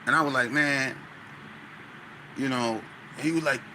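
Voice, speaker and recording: A man, a guest on an interview show, telling a story in an animated, slang-heavy way with stuttering restarts. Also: medium pitch, quick pace, noisy background.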